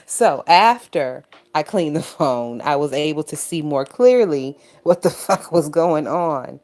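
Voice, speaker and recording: A woman's voice: sits low, animated, slow, darkish tone. A young woman hosting a casual commentary stream, swearing, laughing and sounding exasperated as she reads chat comments. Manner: profane, exasperated, laughs a lot. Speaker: YouTube commentary host. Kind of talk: casual reaction commentary reading live chat. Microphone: phone.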